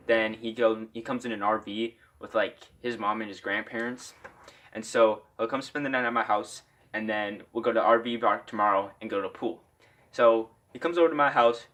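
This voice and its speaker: A man's voice: on the low side, a bit bright. Rambling young guy telling a story. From Iowa. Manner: rambling, with lots of "like" fillers. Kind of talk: casual story time.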